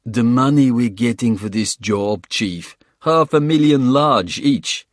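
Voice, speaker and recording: A man's voice: mid-range voice, slow pace, no echo, lightly acted. Man playing a cocky South African mercenary. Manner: cocky, needling, crude. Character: scruffy wiry South African mercenary, male, aggressive.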